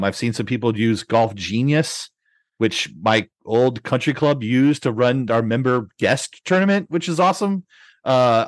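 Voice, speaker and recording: A man's voice: medium pitch, no echo. A man hosting a podcast in casual chat, rambling with many restarts and fillers. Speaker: podcast host.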